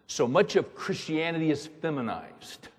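A man preaching from the pulpit, his voice a touch high and husky. He drives each point home with repetition and pointed rhetorical questions. Long reverb from a large church hall trails after every phrase. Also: sing-song, moderate pace. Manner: emphatic, repeats words, fires rhetorical questions. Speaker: pastor. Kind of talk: sermon.

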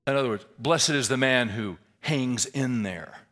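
A man preaching a sermon, telling a story in a conversational way that builds to loud, intense climaxes. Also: medium pitch, a little slow. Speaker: pastor.

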